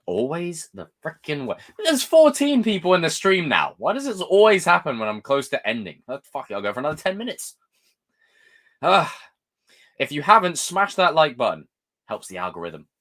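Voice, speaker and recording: A man's voice: fairly high pitch, huge pitch swings, normal speed, fairly bright tone. A man, hosting a live stream and ranting in a casual, exasperated way, swearing often.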